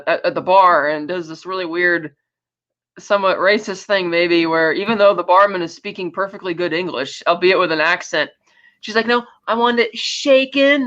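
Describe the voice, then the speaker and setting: Bright-voiced woman chatting over a dull line. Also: fairly low pitch, moderate pace. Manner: chatty storytelling, acts out film dialogue. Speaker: podcast co-host. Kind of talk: casual film-recap chat. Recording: dull lo-fi mic.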